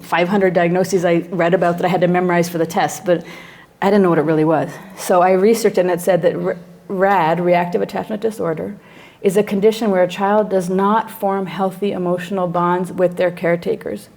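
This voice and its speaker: Animated woman telling a clinical story. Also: lowish voice. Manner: animated storyteller acting out her own reactions. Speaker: psychologist teaching a class. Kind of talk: storytelling lecture to a class.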